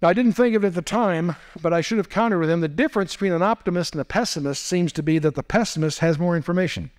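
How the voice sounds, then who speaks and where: A man teaching a Bible lecture in a somewhat high voice. He poses pointed rhetorical questions and slips in wry asides as he builds his case. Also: quick pace. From United States.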